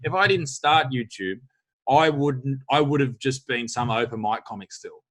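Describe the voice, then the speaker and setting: Australian host, young adult, bright forceful tone, blunt and sweary. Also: male voice, medium pitch, moderate pace. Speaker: podcast host, comedian. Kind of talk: casual chat.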